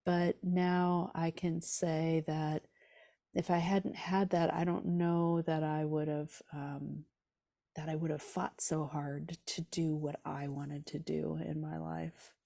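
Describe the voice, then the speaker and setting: A woman's voice: deep voice, little pitch movement, takes it slowly, vocal fry, dark tone, dry recording, studio quality. A woman guest on a podcast, speaking earnestly and reflectively about her inner life. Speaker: author and musician guest. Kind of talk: reflective interview talk.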